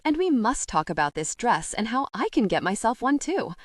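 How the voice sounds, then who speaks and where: A friendly female pop star who gushes eagerly, as a woman narrator voices her. She is from a romance audiobook. Her lively, swinging voice is recorded dry and close. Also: a little high, moderate pace, no echo, voice pushed up.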